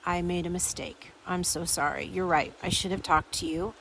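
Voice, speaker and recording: A woman quoting her husband as a remorseful grown man, halting and earnest. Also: lowish voice, steady tone, slight background noise. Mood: apologetic. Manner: halting, earnest, soft-spoken. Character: remorseful grown man apologizing to his wife.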